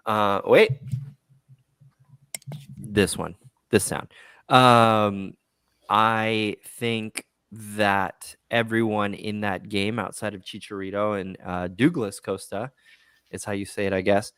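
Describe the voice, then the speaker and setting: A man's voice: lowish voice, fairly bright tone, clear, resonant tone, no echo, clean studio sound. A man hosting a casual podcast chat, rambling with many restarts. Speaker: podcast host.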